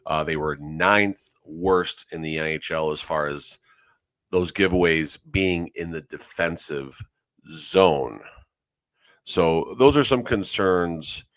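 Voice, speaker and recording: A man's voice: low-pitched, slow pace, a bit bright, no room sound. A man co-hosting a sports podcast in casual chat, rambling and often correcting himself. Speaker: podcast co-host.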